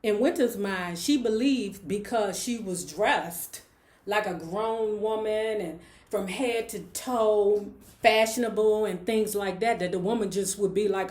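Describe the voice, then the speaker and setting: A woman's voice: medium pitch, unhurried, a little mellow. A woman in her forties, hosting a book club, retells a novel in casual talk with sassy, blunt, profane asides. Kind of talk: casual story recap. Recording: roomy echo.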